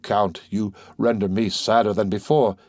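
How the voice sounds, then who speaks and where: A man's voice: on the low side, steady tone, normal speed, a little mellow, no room sound, clean studio sound, natural voice. A man reading an audiobook voices a grieving young man who sounds desperate, impassioned and pleading.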